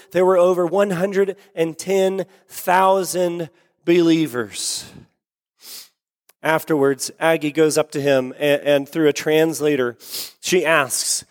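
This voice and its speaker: A man preaching a sermon, telling a story earnestly and repeating words for emphasis. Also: a little high. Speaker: pastor. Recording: long reverb of a large hall.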